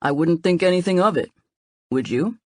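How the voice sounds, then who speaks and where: A woman reading an audiobook, voicing a relaxed, confident young man who speaks reasonably and reassuringly. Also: lowish voice, moderate pace, no echo, clean studio sound. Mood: reasonable.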